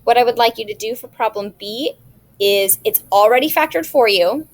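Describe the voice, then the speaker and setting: Woman calmly teaching math step by step. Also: on the high side, moderate pace. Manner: patient, step-by-step explaining. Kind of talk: recorded video lesson.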